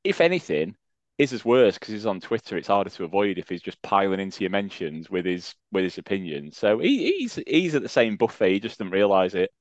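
Male co-host, deadpan self-mocking, dry close mic with a dull lo-fi sound. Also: low-pitched, a little fast, no echo. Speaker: podcast co-host. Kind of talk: casual chat.

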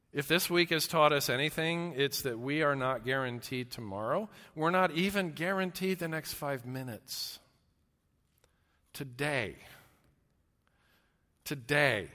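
A man preaching a sermon as a pastor, earnest, often restarting his words and swinging between loud emphasis and hushed, slow lines. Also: medium pitch. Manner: earnest, with repeated restarts and stammers. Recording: long hall reverb.

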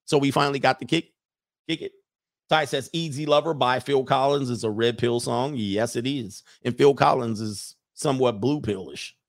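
A man's voice: medium pitch, moderate pace, creaky, dry recording, studio quality. A man hosting a casual livestream, reading chat comments aloud and riffing on them in a brash, joking way, laughing often.

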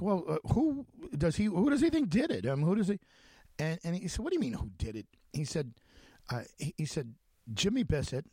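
A radio host telling a story in a monologue, speaking animatedly with many restarts and acting out the quoted conversations. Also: male voice, on the high side, a little mellow, dry recording. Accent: Long Island.

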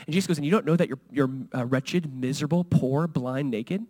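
A male pastor preaching a sermon in a conversational, animated way, often acting out quoted lines. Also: a little high, a little fast, few pauses, no room sound.

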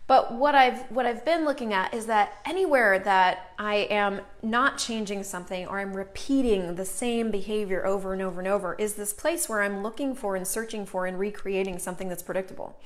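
A woman's voice: medium pitch, brisk, few pauses. A woman hosting a casual live online show, talking animatedly to viewers, greeting them by name as she goes and swearing now and then for emphasis. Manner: chatty and animated, greets viewers mid-sentence.

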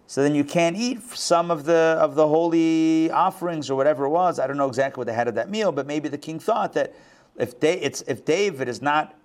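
Guy walking through a bible passage, chatty asides, voice sits a bit high. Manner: conversational, lots of restarts and quick asides. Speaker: Bible teacher. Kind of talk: scripture class, reading verses with commentary.

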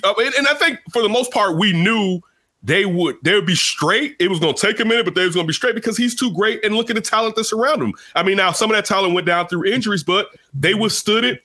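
A man hosting casual sports talk, animated and rambling, jumping from loud outbursts to low asides. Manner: rambling, restarts often.

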